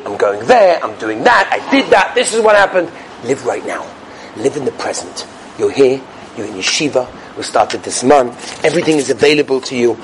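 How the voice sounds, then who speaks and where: A man teaching a yeshiva class gives a storytelling sermon in a high, lively voice. He swings his pitch widely, dramatizes each tale, and drops in Yiddish and Hebrew terms. Faint noise sits under the recording. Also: poor audio.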